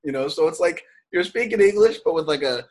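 Man, comedy podcast, giggly, husky, lively pitch. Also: fairly quick. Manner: giggly, laughs often. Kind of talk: casual chat.

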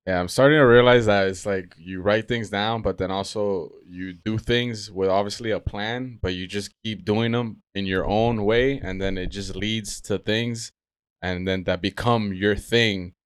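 Low smooth-voiced podcast host man. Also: a little slow, no room sound, clean studio sound. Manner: relaxed, slangy, rambling reflections. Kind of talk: casual podcast chat.

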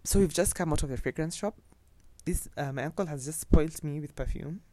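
A woman's voice: deep voice, brisk, dark tone. A young Kenyan woman chatting casually and telling personal stories, mixing in Swahili phrases and laughing often. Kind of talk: casual storytelling.

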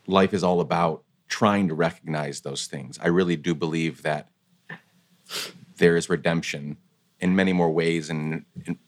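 A man with a very low voice interviews his guest, drawing thoughtful connections in her story. He speaks in a measured way, pausing as he works through his ideas. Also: fairly even intonation. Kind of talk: reflective interview conversation.

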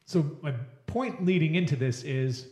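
A man's voice: fairly high pitch, measured pace, mellow. A man co-hosting a podcast, playful and teasing, slipping into mock-announcer asides during casual banter. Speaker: podcast host. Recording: echoey room.

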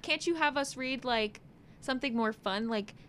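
A woman's voice: high-pitched, moderate pace, fairly bright tone, slight background noise. Giggly young woman chatting casually. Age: young adult. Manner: chatty, giggly, full of filler likes. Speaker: podcast co-host. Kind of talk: casual chat.

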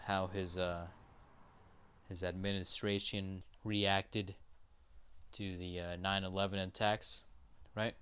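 A man's voice: low-pitched, fairly bright tone, clean tone. A man hosting a podcast in a casual monologue, rambling with many fillers, casual swearing and repeated checks of "right?". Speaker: podcast host.

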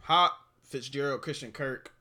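A man co-hosting a casual sports podcast, laughing often and ranting fast when excited. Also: medium pitch. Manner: laughs often, fast excited rants, calls listeners bro. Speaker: podcast co-host.

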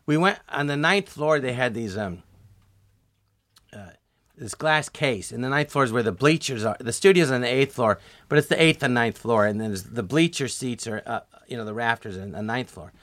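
A man's voice: medium pitch, normal speed, no room sound. A man, a comedian guest, telling stories in an interview and acting out what people said to him. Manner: animated, acts out quoted dialogue with many "I go"s. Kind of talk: storytelling in a podcast interview.

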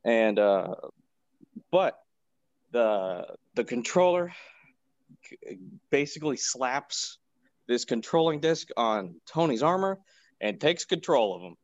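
A man of middle pitch tells a cartoon's plot in a loose, rambling way, leaning on "uh" and "like". His voice comes dry and a little muffled through a lo-fi computer mic. There is no room sound around him. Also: sing-song, slow, pauses often, dry recording. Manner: rambling, laid-back storytelling with filler words. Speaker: podcast co-host. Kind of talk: casual chat recapping a cartoon episode. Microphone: home computer mic on a video call.

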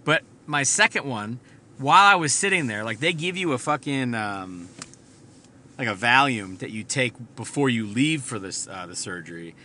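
Bright-voiced man telling a rambling story. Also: medium pitch, moderate pace. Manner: profane, rambling, animated storyteller. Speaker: podcast host. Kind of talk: casual storytelling monologue. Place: in a car.

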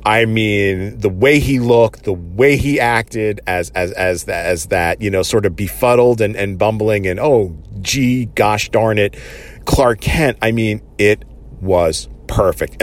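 Guy rambling thru a tv recap, kinda low voice, lots of um and you know. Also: a little slow. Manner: enthusiastic, rambling with many fillers. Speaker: commentator recapping a TV episode. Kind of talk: casual recap monologue.

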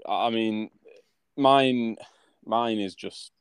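A man's voice: fairly low pitch, extremely slow, clean tone. A man co-hosting a casual chat, telling a grumbling story with lots of restarts. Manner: rambling, stammers, grumbling. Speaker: podcast co-host.

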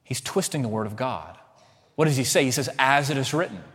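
A man preaching a sermon as a pastor, swinging between loud emphatic lines and hushed ones. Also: mid-range voice, animated, fairly quick, breathy edge. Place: church sanctuary. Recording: long hall reverb.

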